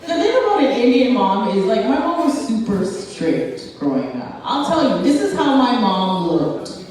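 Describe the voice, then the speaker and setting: A woman's voice: fairly high pitch, big pitch swings, normal speed, a little mellow, far from the mic. Brash woman comic in an echoey hall. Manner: brash, self-mocking, punchy. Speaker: stand-up comedian. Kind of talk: stand-up comedy set. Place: comedy stage.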